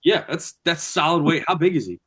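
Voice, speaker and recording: A man's voice: on the high side, animated, fairly quick, a bit bright, breathy edge. A man coaching gym members in a casual Q&A over a video call, talking loosely with lots of fillers and restarts. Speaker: strength coach.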